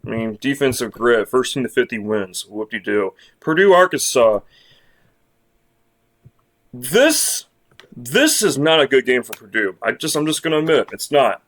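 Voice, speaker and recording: A sports commentator rants through his bracket predictions in a loose, off-the-cuff way, blunt and sarcastic. His medium-pitched voice is very animated and fairly bright but unhurried, and he often stumbles over his words and starts sentences again.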